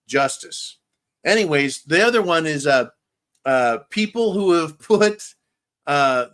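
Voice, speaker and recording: A livestream host with a fairly high, somewhat bright voice rants casually, bluntly, and profanely. Slightly tipsy after a couple of drinks, he gets a little tongue-tied.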